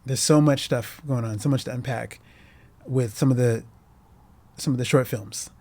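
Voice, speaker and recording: A man's voice: medium pitch, moderate pace, a little mellow. A man casually discussing a short film as host, earnest and emotionally moved, rambling with many restarts and fillers.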